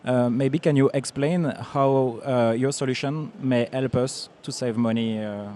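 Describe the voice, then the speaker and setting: A man on a judging panel asking slow, careful questions. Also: mid-range voice, warm tone, a little hiss or hum. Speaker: panel judge.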